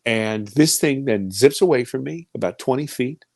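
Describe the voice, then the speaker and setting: Animated man in his fifties, dry sound. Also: moderate pace, creaky, dry recording. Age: 50s. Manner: animated, voice rising high for quoted speech and dropping low and quiet for fear. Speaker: guest. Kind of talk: storytelling interview.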